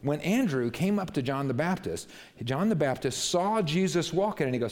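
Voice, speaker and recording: A man preaching a sermon in a chatty, storytelling way, often dropping his voice low and soft for quoted lines. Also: lively intonation, moderate pace, hardly any pauses, a little hiss or hum. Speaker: pastor. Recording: hall reverb.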